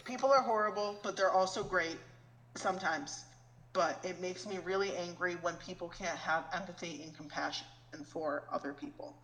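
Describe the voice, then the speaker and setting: A woman's voice: lowish voice, moderate pace, fairly bright tone, a little hiss or hum, poor audio. A woman guest on a casual podcast who speaks in an earnest, heartfelt way.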